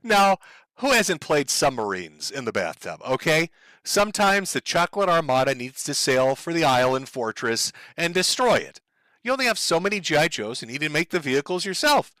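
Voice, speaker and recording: A man's voice: on the high side, big pitch swings, normal speed, sharp tone, no room sound. A man hosting a video commentary, talking sarcastically and animatedly, often breaking into laughter. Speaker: online commentary host.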